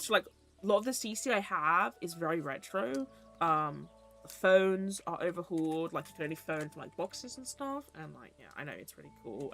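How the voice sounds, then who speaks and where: A woman's voice: medium pitch, pushed and bright. A young woman streamer who chats casually and rambles, with easy swearing. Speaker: VTuber streamer.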